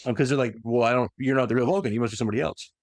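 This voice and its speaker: Man, podcast host, casual storytelling, fillers and restarts, mid pitch, dry close sound. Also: very fast, darkish tone, no room sound. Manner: rambling, self-correcting with many fillers. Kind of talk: casual lore retelling.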